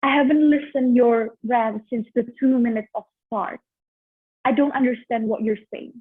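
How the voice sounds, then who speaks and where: A woman's voice: a little high, fairly even intonation, moderate pace, husky. A girl quoting a spacey, innocent friend. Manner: blank, innocently puzzled asking. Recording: tinny phone-like audio.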